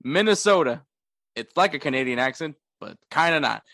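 A man's voice: fairly high pitch, a little fast, dry recording, clean studio sound. A young man co-hosting a casual podcast chat, joking around and laughing often. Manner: laughs often, jokey and animated. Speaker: podcast co-host.

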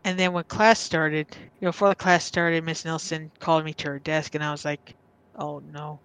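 A woman's voice: deep voice, steady tone, a little fast, a bit bright, clear, resonant tone, no room sound. A woman guest casually telling a true story from her childhood, rambling with lots of fillers and acting out what others said. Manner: rambling, filler-heavy, acts out quoted voices.

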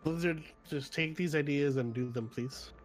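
A man's voice: a little high, moderate pace, faint music behind. A man co-hosting a casual gaming podcast, enthusiastic and a little rambling. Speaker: podcast co-host.

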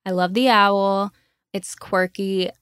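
Chatty woman guest from Florida, Spanish her first language; mid pitch, dry close mic. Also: little pitch movement, slow pace, fairly bright tone, clear, resonant tone, no room sound. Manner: chatty, laughs easily. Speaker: podcast guest. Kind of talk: casual chat.

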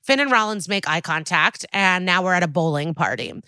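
Woman podcast host rambling through an episode recap, low-ish bright voice, dry sound. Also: fairly quick, clear, resonant tone, dry recording. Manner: chatty, quotes characters in lively bursts.

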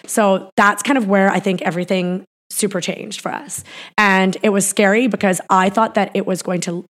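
A woman's voice: medium pitch, fairly even intonation, moderate pace. A woman from Canada talking as a business founder in a casual interview, rambling with lots of fillers and restarts.

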